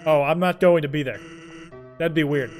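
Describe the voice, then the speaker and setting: A man's voice: a little high, normal speed, a little mellow, soft background music, natural voice. A man voicing a laid-back adult male skeleton with a lazy, joking drawl. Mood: easygoing.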